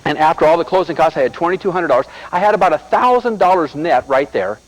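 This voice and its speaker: A man's voice: fairly high pitch, fast, poor audio. A middle-aged American man giving a motivational seminar talk, telling stories and speaking straight to the audience. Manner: animated storyteller addressing the audience directly.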